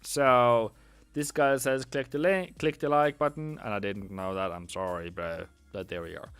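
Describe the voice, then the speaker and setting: A man's voice: medium pitch, steady tone, normal speed, a bit bright, clean tone, no echo, faint music behind. Tired man calling chart trades. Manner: tired, apologetic, repetitive buy-sell calls. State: worn out. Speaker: trading educator. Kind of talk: casual live-stream chart commentary.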